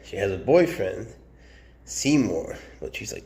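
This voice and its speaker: Gravelly low-voiced man chatting about snakes. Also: animated, normal speed, a little mellow. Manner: chatty, jokey, talks tenderly to his snakes. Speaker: snake keeper. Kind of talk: casual show-and-tell vlog.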